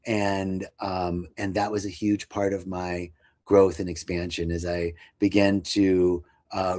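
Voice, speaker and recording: A man's voice: low voice, a little mellow. A man on a podcast telling about his spiritual path in an earnest, searching way, with many fillers and restarts. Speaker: podcast guest. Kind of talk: reflective spiritual storytelling.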